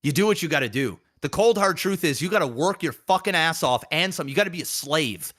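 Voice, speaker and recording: A man's voice: fairly high pitch, expressive, brisk, fairly bright tone. Heated, swearing man ranting. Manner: profane, heated, repetitive. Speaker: podcast co-host. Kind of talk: ranting casual chat.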